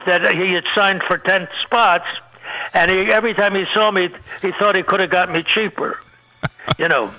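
A man's voice: high-pitched, fairly even intonation, normal speed, pushed and bright, low-quality recording. An older man, a comedian being interviewed, telling rambling anecdotes and laughing at his own punchlines. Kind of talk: anecdotal storytelling.

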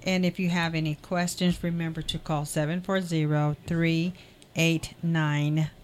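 A woman's voice: sits low, level tone, unhurried, a little hiss or hum. A woman hosting a radio talk show, graciously thanking her guest and signing off. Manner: gracious sign-off with soft laughter. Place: radio studio.

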